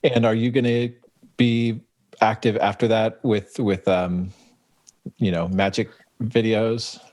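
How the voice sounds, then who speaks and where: A man's voice: fairly low pitch, flat delivery, takes it slowly, a little mellow, no room sound. A man hosting a podcast, asking easygoing follow-up questions and laughing often. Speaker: podcast host. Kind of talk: casual interview chat.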